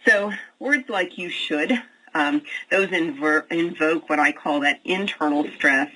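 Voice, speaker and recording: A man's voice: fairly high pitch, a little slow, sharp tone, rough recording. A man giving a recorded webinar as a leadership trainer, explaining step by step and often restarting his sentences. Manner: explanatory, with restarts and repeated words.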